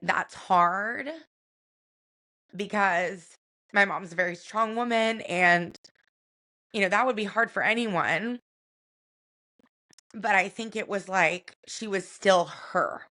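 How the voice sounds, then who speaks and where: A woman co-hosting a podcast, telling a personal family story in a soft, reflective way with many casual fillers. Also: medium pitch, slow, long pauses. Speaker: podcast co-host.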